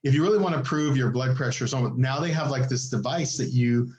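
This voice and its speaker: A man's voice: fairly quick, lo-fi sound. A man co-hosting a podcast, telling a story in casual chat and acting out the people in it with big swings in his voice. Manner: animated, acts out quoted people with big pitch jumps. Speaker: podcast co-host. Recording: echoey room.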